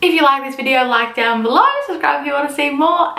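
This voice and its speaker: A young woman ranting casually to camera as a book vlogger, animated and swearing freely. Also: sits high, fast talker, reverberant.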